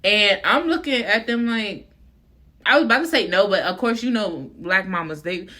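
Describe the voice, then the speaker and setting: A woman's voice: mid-range voice, expressive, moderate pace, pushed and bright. A young woman vlogger chatting through a storytime, full of fillers and talking to her viewers as y'all. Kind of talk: casual storytime monologue.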